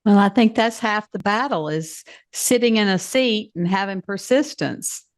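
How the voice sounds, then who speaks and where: A woman in her seventies hosting an author interview show, reading a measured scripted introduction and asking questions. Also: medium pitch. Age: 70s. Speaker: podcast host.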